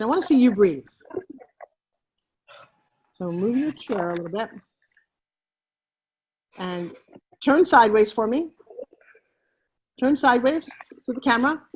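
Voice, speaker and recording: A woman's voice: on the high side, far from the mic. A woman with a New York accent, leading a live workshop and guiding students through exercises. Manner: animated, coaxing instructor directing students. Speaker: on-camera presence coach. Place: classroom. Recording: echoey classroom from afar.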